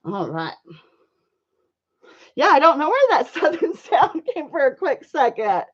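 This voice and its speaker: Her high voice swooping wildly in pitch, a woman paints live and talks a little slowly with her audience, welcoming viewers by name. She is chatty and friendly, leaning on "you know" and "um," and the home-mic audio is dull and lo-fi.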